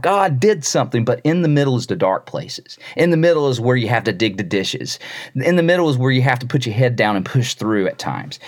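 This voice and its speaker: Earnest male preacher giving a sermon. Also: mid-range voice. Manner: earnest, repeats words when starting phrases; storytelling with quoted voices.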